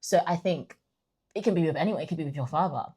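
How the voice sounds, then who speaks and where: Low-voiced earnest young woman guest. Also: quick pace, husky. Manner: earnest, animated, drops to a near-whisper when reliving prayers. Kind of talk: candid faith conversation.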